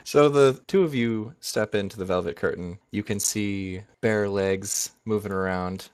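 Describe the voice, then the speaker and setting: A young man with a slightly low voice narrates a tabletop game as its game master. His tone is easygoing and he often breaks into laughter. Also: a little slow, a little mellow, clear, resonant tone.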